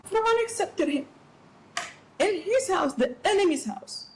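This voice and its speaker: A middle-aged woman speaking as an interview guest, giving animated, preachy advice with playful asides. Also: extremely high pitch, measured pace, a little hiss or hum, poor audio. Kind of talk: casual interview talk.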